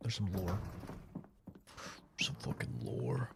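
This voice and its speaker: A man streaming a horror game, talking casually with a gravelly, creaky voice. His pitch swings all over the place while he jokes and swears at the game. His delivery is unhurried, and faint noise sits under the recording. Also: very animated. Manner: profane, joking, blurts silly sing-song noises. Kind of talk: casual gameplay commentary.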